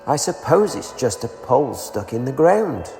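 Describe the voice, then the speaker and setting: A man's voice: medium pitch, big pitch swings, normal speed, darkish tone, faint music behind. A man voicing a fussy, know-it-all male rabbit, reading a storybook aloud. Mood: musing. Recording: echoey room with reverb.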